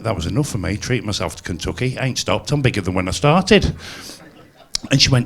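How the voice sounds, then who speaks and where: A man's voice: lowish voice, animated, fairly quick, creaky, slightly rough. A man performing a chatty, self-mocking stand-up set at a live venue. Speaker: stand-up comedian.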